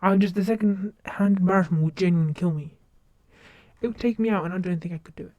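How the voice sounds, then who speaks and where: A woman's voice: fairly low pitch, quick pace, lo-fi sound. A young woman chatting casually on a livestream, rambling along and often restarting her sentences. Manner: rambling, self-interrupting with many restarts. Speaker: streamer.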